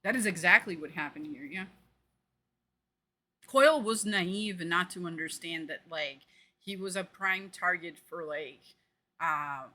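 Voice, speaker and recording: A woman's voice: on the low side, bright, forceful tone. A woman streamer giving live reaction commentary, blunt and profane, full of fillers and emphatic outraged rants.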